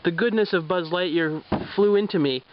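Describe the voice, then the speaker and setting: A man's voice: high-pitched, normal speed, noisy background, close to an everyday voice. A man voicing a fussy, easily upset beluga whale who complains indignantly in a plain storytelling voice. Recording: dull lo-fi home recording.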